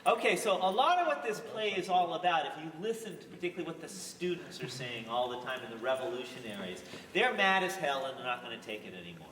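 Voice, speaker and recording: A man's voice: a little high, big pitch swings, fast talker, few pauses, a crowd in the background. A man directing a school theater rehearsal, coaching the cast in an earnest, lecturing way. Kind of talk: rehearsal instructions. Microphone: distant camera mic. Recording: echoey hall, far off, noisy.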